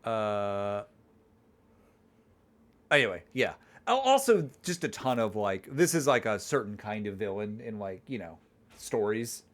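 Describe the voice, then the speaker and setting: Streamer: a playful man reading his game's narration, very animated pitch. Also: a little slow, long pauses. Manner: playful, rambling with restarts. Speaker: streamer and game author. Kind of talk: reading game narration and casual chat.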